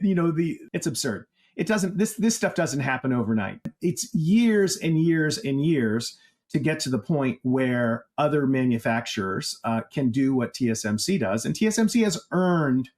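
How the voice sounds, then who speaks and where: A man speaking as an industry analyst in an interview, conversational and emphatic, with many fillers. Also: mid-range voice. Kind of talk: interview answers.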